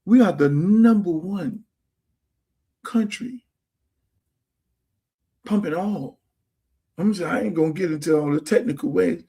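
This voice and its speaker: A man's voice: on the high side, sing-song, a little slow, long pauses, mellow, husky. A man hosting his own streamed show, ranting to viewers in a blunt, profane, slangy way. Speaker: show host. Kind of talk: casual livestream rant to viewers. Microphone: streaming setup mic.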